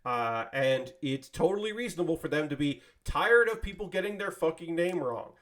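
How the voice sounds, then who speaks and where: A man's voice: a little high, animated, moderate pace, a bit bright. A man chatting casually on a live stream while building, rambling and swearing freely as he thanks viewers. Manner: thanks viewers and subscribers by name.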